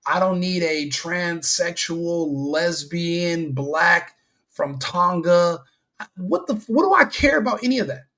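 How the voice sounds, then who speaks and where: Angry ranting man, fairly high voice. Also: lively intonation, takes it slowly, sharp tone. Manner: heated, repetitive, scornful. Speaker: commentary video host. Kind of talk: angry opinion rant.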